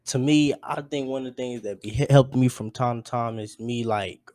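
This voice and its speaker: A man hosting a podcast in casual chat, halting and searching for words, with many restarts. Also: mid-range voice, a little mellow, no room sound. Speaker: podcast host.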